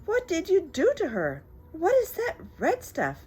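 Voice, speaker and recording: Woman playing a flustered scolding mother, high, loud, exclaiming. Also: huge pitch swings, a little slow, faint music behind, heavily acted. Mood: upset.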